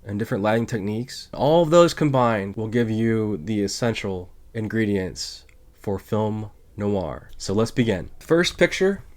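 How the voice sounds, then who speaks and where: A man's voice: lowish voice, lively intonation, a little slow. A man hosting a podcast, giving a casual spoken film review and explaining step by step with small restarts. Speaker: podcast host reviewing films.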